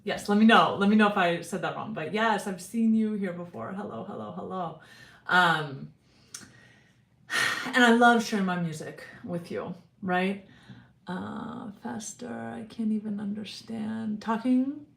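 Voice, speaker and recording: A woman's voice: medium pitch, measured pace, vocal fry, fairly bright tone. Chatty woman streaming from an echoey room. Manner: chatty and rambling, greets viewers by name. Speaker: singer and YouTuber hosting a livestream. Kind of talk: casual livestream chat.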